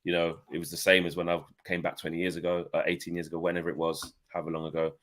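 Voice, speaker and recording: A man co-hosting a casual football podcast, talking in an animated, rambling way. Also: sits low. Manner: rambling, animated, quick to laugh.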